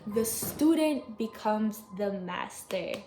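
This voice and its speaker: A woman's voice: medium pitch, lively intonation, slow pace, dark tone, faint music behind. A woman giving a casual spiritual reading to camera, chatty and rambling, with lots of "like" and "y'all". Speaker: tarot reader. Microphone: camera mic. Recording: echoey room, faint noise.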